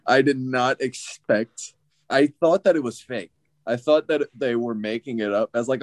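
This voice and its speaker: A man's voice: medium pitch, normal speed. Rambling American podcast guy. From United States. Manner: rambling, lots of fillers and laughter. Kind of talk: casual chat.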